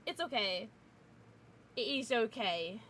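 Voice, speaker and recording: A woman streamer talking to her chat in a loose, chatty way, with a fairly high voice that swings up and down a lot. She swears freely and calls out viewers by name. There is a faint hiss of noise behind her. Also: lively intonation, slow pace, a bit bright. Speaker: game streamer. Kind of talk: casual livestream chat.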